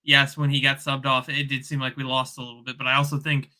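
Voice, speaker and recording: A man speaking as a guest on a casual football fan podcast, in a measured way that repeats and restates his points. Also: mid-range voice, completely flat delivery, sharp tone.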